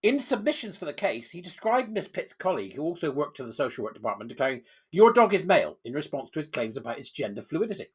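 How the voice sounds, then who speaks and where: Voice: mid-range voice, lively intonation, quick pace, hardly any pauses, husky. A vlogger mocking a news story, reading out quotes, scornful and laughing often. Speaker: commentary vlogger.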